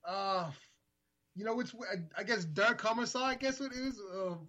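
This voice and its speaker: A man in his forties, a podcast guest telling stories in a laid-back, halting way. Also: sits high, bright, forceful tone, dull audio. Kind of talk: casual chat, storytelling.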